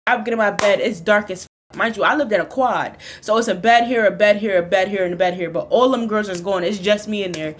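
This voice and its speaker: A young woman streamer telling a story casually, animated and profane, repeating lines for effect. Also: on the high side, slight background noise.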